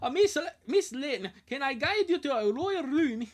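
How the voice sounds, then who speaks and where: A woman's voice: sits high, animated, normal speed, voice pushed up. A woman voicing an old, devoted Scottish castle servant in a put-on Scottish accent, grand and formal as she reads aloud.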